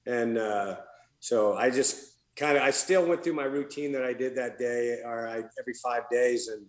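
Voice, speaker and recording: A man's voice: mid-range voice, moderate pace. A man guesting on a podcast, telling a casual, profane story, laughing and acting out what others said. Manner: profane, laughing, acts out quoted dialogue. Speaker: podcast guest, former pitcher. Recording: roomy echo.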